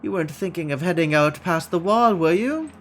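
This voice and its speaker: Kindly matronly food cart lady as a man puts her on, homely chatty manner, raised pitch, faint hiss. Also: animated, a little fast, fairly bright tone. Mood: wary. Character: matronly middle-aged female food vendor, kindly.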